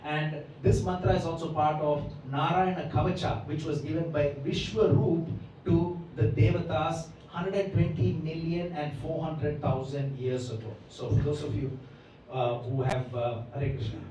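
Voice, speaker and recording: A man's voice: fairly high pitch, fairly even intonation, measured pace, noisy background. A man giving a devotional scripture lecture, explaining at length and often checking in with his listeners. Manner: explanatory, often checks in with the audience by asking "right?". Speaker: Bhagavatam class lecturer. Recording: echoey hall, mic far off.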